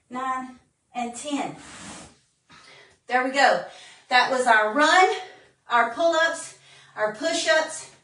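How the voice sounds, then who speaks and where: A woman's voice: high voice, fairly bright tone. Breathless woman coaching a home workout. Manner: coaching while exercising, counting reps. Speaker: fitness instructor. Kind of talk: live workout demonstration. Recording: roomy, distant phone-camera sound.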